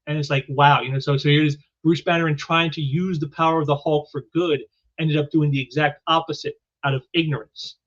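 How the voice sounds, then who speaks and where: Halting male comic book reviewer. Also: a little high, steady tone, lo-fi sound. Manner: halting, repeats words often. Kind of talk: casual comic book commentary.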